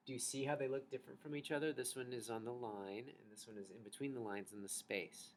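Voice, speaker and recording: A man in mid-range pitch leads a recorded music lesson for children. He is patient and encouraging, and he chants rhythm syllables and note names slowly so the class can repeat them. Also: steady tone, slight background noise. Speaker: music teacher.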